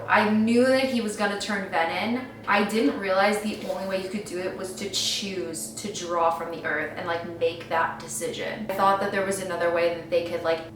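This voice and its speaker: Young woman, bookish vlogger, excitable, gushing, echoey room, a bit off mic. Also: mid-range voice, distant mic, slight background noise. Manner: gushing and excitable, filler-heavy chatter. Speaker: book vlogger. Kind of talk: casual reading vlog reactions. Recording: roomy sound, mic set back.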